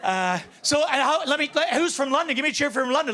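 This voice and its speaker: A brash, profane Canadian man doing stand-up comedy and compering on a club stage, shouting his punchlines. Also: very high voice, expressive, quick pace, few pauses, heavy background noise.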